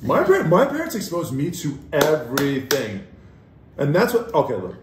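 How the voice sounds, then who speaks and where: Male co-host, loud and animated, swears freely; echoey room, faint hiss. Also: a little high, normal speed. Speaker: podcast co-host. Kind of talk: casual chat.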